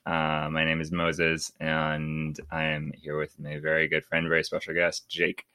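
A man's voice: very deep voice, completely flat delivery, a little slow, pushed and bright, clear, resonant tone, no echo. A man in his thirties hosting a casual book-club podcast, rambling with many restarts and laughing often. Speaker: podcast host.

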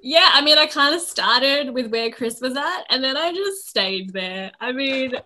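Bright, gushing woman on a podcast. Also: high voice, lively intonation, a little slow, a little hiss or hum. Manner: gushing, giggly, lots of fillers. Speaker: podcast co-host. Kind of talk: casual podcast chat.

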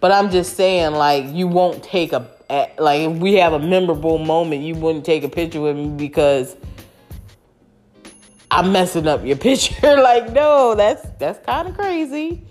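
A woman's voice: fairly low pitch, animated, a little slow, a little mellow, soft background music. A woman talking straight to camera in a frank, emphatic, casual monologue that has some swearing.

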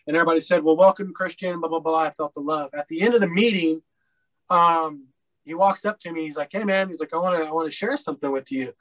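A man from Colorado with a fairly high voice talks as a podcast guest. He tells his story candidly, rambling through fillers and swearing bluntly. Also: quick pace, a bit bright, rough recording. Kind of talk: casual storytelling interview.

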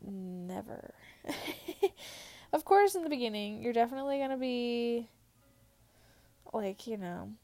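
Chatty young mom with mellow voice. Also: female voice, on the high side, expressive, a little slow, long pauses, dry recording. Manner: chatty, giggly, lots of "like" fillers. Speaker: new mom answering viewer questions. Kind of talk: casual chat.

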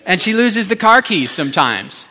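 A male pastor giving a conversational sermon, animated, with chatty asides to the congregation. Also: high voice, normal speed.

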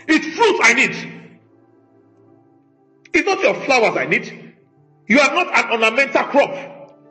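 High-voiced man preaching emphatically. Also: pushed and bright. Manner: emphatic, rhetorical, scolding the congregation. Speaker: pastor. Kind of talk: sermon. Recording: echoey room with faint music.

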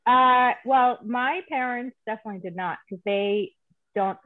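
A woman's voice: fairly high pitch, unhurried, dry recording. A woman in her thirties, a native Russian speaker from the Caucasus region, chatting as a guest author and telling family stories with laughter. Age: 30s. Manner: chatty, laughing, animated storyteller. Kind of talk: casual interview chat. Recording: dry, phone-like call audio.

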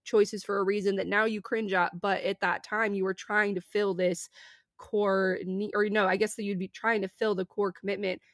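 A young woman co-hosting a podcast, earnest and reflective, animated when telling stories. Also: mid-range voice, moderate pace, no echo, clean studio sound. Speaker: podcast co-host. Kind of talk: casual podcast chat.

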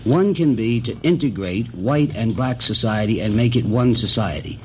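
A man's voice: on the low side, expressive, moderate pace. A man moderating a televised panel debate, speaking formally and pressing guests with repeated questions. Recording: dull lo-fi archival broadcast with faint hiss.

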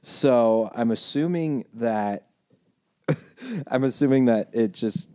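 A man's voice: mid-range voice, slow, mellow, dry recording, clean studio sound. A young man co-hosting a casual podcast, rambling through stories with plenty of "like" fillers. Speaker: podcast co-host. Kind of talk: casual chat.

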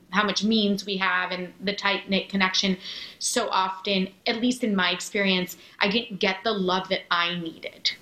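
A woman interviewer thinking out loud in a reflective conversation, searching for her words and using lots of fillers. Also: mid-range voice, dull audio. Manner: thoughtful, searching, filler-heavy. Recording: roomy echo.

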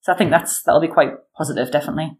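A woman in her thirties from the United Kingdom, a guest chatting casually in an interview, with lots of fillers and animated storytelling. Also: low-pitched, rapid-fire.

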